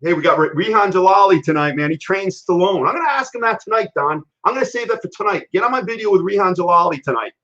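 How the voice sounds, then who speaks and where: A man's voice: high voice, fast talker, hardly any pauses. Blunt, rambling man on a live stream. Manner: rambling, animated, blunt storytelling. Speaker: health and fitness show host. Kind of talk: casual live-stream talk. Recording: dull lo-fi live-stream audio.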